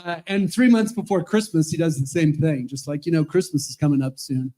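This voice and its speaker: A man's voice: a little high, a little fast, warm tone. A man in his fifties, an Episcopal priest, telling rambling, chuckling stories in a roast speech at a charity event. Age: 50s.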